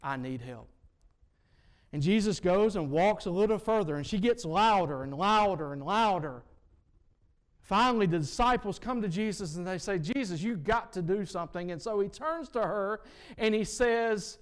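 Male preacher, sermon delivery, storytelling with repetitive emphatic build-ups, slightly higher voice. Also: expressive, normal speed. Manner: storytelling, rising and falling loudness, repetitive emphatic phrasing.

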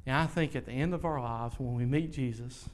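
A man preaching a sermon, slow and earnest, rising loud and high at its peaks. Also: slight background noise. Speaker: pastor.

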